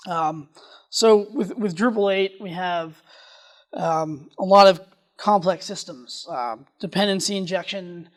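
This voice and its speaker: A conference speaker giving a technical presentation, talking quickly and often restarting sentences. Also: mid-range voice.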